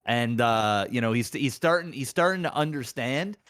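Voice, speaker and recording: A young adult man co-hosting a podcast, telling anecdotes in relaxed, rambling casual chat. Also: mid-range voice, normal speed, clean tone, no room sound, studio quality. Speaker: podcast co-host.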